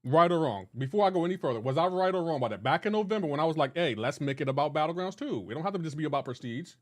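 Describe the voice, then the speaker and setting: A man's voice: a little high, expressive, very fast. A young man live-streaming a game, chatting casually with his chat and teasing them in playful banter. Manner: teasing, banter-heavy, breaks into laughter.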